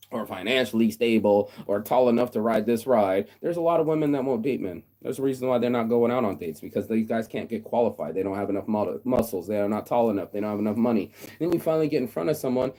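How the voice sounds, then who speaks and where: A man holds forth in a casual, profane rant, speaking bluntly and without filter. His voice is mellow and on the darker side, at a middle pitch for a man. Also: animated, fast. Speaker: vlogger.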